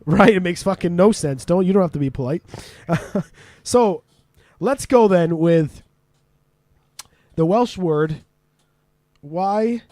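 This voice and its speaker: A man's voice: sits high, takes it slowly, pauses often, dark tone, dry recording. A man from Canada hosting a casual podcast, laughing often and swearing freely as he quizzes his guest. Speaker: podcast host. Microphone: remote call.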